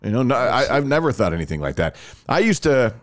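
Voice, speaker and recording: Podcast host guy, chatty and excitable, gushes through his ad reads, mid-pitched voice. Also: quick pace. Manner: excitable, gushing, chatty storyteller. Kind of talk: casual chat and ad read.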